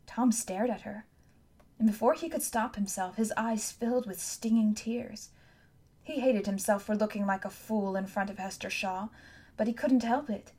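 A woman's voice: medium pitch, fairly even intonation, normal speed, darkish tone, husky. Woman narrating a novel audiobook.

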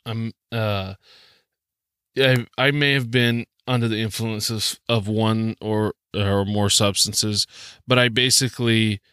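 A man's voice: lowish voice, fairly even intonation, slow, pushed and bright, clear, resonant tone, dry recording, studio quality. A man with a Southern US accent hosting a rambling, joking solo podcast, full of ums and restarts. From southern United States. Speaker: podcast host.

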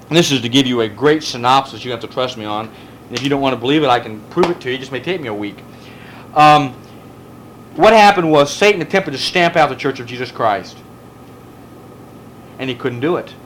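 A man's voice: a little high, a bit bright, a little hiss or hum. A middle-aged man teaching a Bible study as pastor, pressing his listeners with rhetorical questions and taking questions from them. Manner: emphatic, fond of rhetorical questions. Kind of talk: preaching lecture with questions from the audience.

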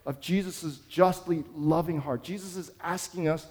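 A man's voice: on the high side, fairly even intonation, moderate pace, a little mellow, long reverb tail. A man preaching a sermon as pastor, telling a story in an earnest, conversational way.

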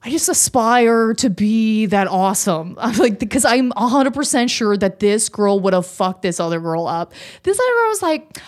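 A woman, co-hosting a podcast and telling lively stories in casual chat, often breaking into laughter. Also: a little high. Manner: animated storytelling, frequent laughter. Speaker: podcast co-host.

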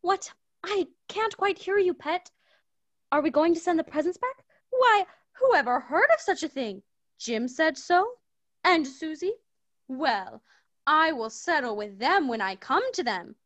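A woman's voice: high voice, sing-song, measured pace, fairly bright tone, no echo, exaggerated voice. A woman voicing a fussy, doting wife and mother who talks in a gushing, coaxing way, as in a radio play. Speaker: Mrs. Fountain.

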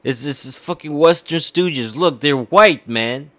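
A man's voice: fairly high pitch, a little slow, a bit bright, no echo. A man from India giving a heated, profane political rant, swearing often and repeating himself. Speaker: commentator.

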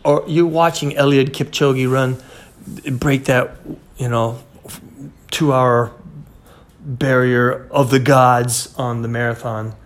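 With a mid-range voice and fairly even intonation, this podcast host in his fifties speaks slowly, leaving long pauses. His casual motivational monologue rambles along, full of fillers and restarts.

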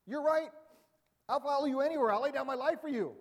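A man preacher voicing an impulsive male disciple who pleads eagerly, his voice jumping up high and loud. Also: quick pace, long reverb tail. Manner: pleading, overeager.

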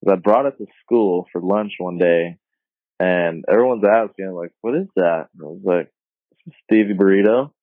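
A young man telling a story casually on a podcast, slangy and swearing, jumping high when he quotes people. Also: normal speed, dry recording. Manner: laid-back slangy, swears often, voices others in high tones. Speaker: podcast guest. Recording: phone-like dry sound.

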